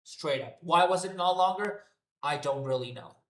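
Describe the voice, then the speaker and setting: A man ranting through an unscripted wrestling review, swearing freely and sounding fed up. His voice sits a little higher than most men's. It bounces around an echoey room. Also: normal speed. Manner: profane, exasperated ranting. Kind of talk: unscripted solo rant review.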